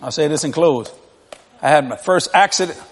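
A man in his sixties preaching a humorous storytelling sermon, animated and folksy, often laughing through his stories. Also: on the high side, moderate pace, slightly rough, long reverb tail.

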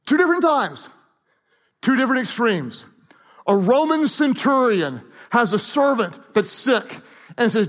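A man's voice: very high voice, big pitch swings, unhurried, a bit bright, long reverb tail. A male pastor preaching a dramatic sermon, acting out scripture scenes and calling on the congregation to repeat lines.

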